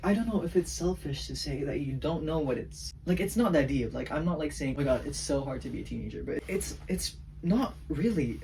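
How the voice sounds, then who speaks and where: A man's voice: on the high side, dark tone, far from the mic, slight background noise. A teenage boy venting in a casual rambling vlog, saying "like" constantly. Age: teens. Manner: rambling, heavy use of "like", venting. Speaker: vlogger.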